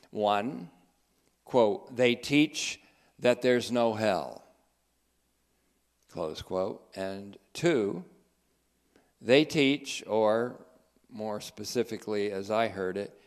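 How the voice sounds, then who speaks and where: A man giving spoken theology commentary, emphatic and sardonic, reading quotations slowly with heavy stress. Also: fairly low pitch, a little mellow. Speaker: teacher of a theology group.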